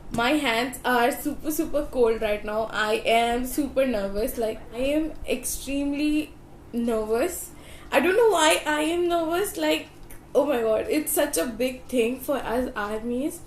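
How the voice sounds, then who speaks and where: A young woman hosting a casual reaction vlog, gushing and repeating words for emphasis, her voice slightly rough from the early morning. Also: high-pitched, unhurried, a little mellow, a little hiss or hum. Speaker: YouTube reaction host. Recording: echoey room.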